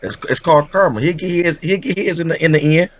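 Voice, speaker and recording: A male co-host talks in easy, laid-back street slang and keeps coming back to "you know what I'm saying." His voice is a little high for a man. The recording sounds muffled and lo-fi. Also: fast talker. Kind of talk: casual talk show chat.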